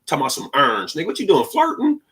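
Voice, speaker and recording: A man's voice: fairly high pitch, huge pitch swings, rapid-fire, sharp tone. Rambling slangy man from the Pacific Northwest. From Pacific Northwest (Seattle). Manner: rambling, joking, laughs often, slangy. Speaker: livestream podcast host. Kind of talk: casual monologue.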